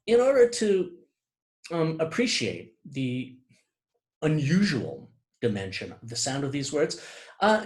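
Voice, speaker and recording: A man giving a recorded lecture, explaining by example with asides and restarts, and tapping out rhythm with spoken syllables. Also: mid-range voice.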